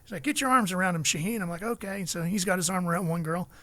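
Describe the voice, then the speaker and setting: Talking fast in a high-pitched voice with no echo, a middle-aged California motorsports broadcaster tells stories in a casual chat. He's an animated storyteller who acts out whoever he quotes.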